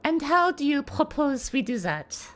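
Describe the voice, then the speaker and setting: A woman's voice: high voice, very animated, a little slow, a bit bright, pitched above the performer's own voice, full character voice. A woman voicing a formal, poised young character in a raised voice, practicing lines on stream. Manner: stiff, formal delivery.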